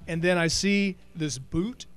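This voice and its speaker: A man co-hosting a casual chat, telling stories in an animated way and acting out his own starstruck reactions. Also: high voice, measured pace, clean tone, no room sound. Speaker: radio show co-host.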